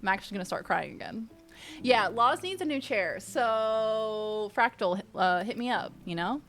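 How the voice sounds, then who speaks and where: A young woman streamer chatting casually, reading and answering her chat with sudden squeals of excitement. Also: a little high, normal speed, soft background music.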